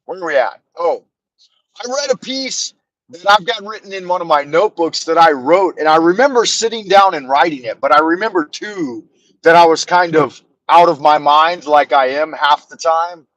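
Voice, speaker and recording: A man's voice: fairly high pitch, lively intonation, moderate pace, fairly bright tone, no room sound, poor audio. A middle-aged man hosting a livestream, rambling and joking crudely as he talks to his chat. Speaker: livestream host.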